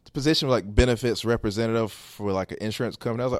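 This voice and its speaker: A man hosting a podcast, telling a story casually in a rambling, animated way with quoted asides. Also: fairly low pitch, fast talker, few pauses, no echo, studio quality. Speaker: podcast host.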